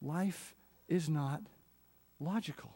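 A man preaching a sermon in an animated, jokey way, often dropping soft and slow for emphasis. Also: a little high, husky, big-room sound. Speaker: pastor.

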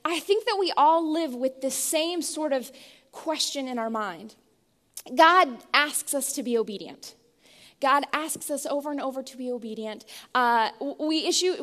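A high-voiced young woman preaching in a church, her tone bright and forward. She talks earnestly, telling stories and restarting phrases as she goes. Long reverb trails her voice through the hall. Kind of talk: sermon with opening prayer. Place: church sanctuary.

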